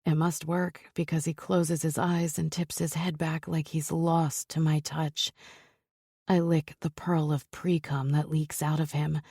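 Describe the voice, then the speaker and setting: A woman narrating a first-person romance audiobook in an intimate, breathy storytelling manner. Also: low voice, flat delivery, measured pace, warm tone, no room sound, clean studio sound.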